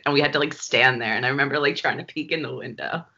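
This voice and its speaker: A woman's voice: a bass voice, fast talker, pushed and bright, slightly rough. A woman in her thirties hosting a casual podcast chat, giggly, asking the others questions. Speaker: podcast host. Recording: dull lo-fi audio.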